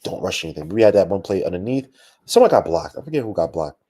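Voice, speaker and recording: A young man hosting a live post-game basketball podcast, talking in an animated, slangy, ranting way with lots of asides. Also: low voice, fast talker, breathy edge. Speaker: podcast host.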